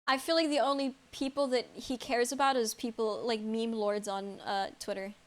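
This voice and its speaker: A young woman streamer rambling in casual chat with her viewers, blunt and quick to laugh, swearing freely as she answers chat. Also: on the high side, fairly even intonation. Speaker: live streamer.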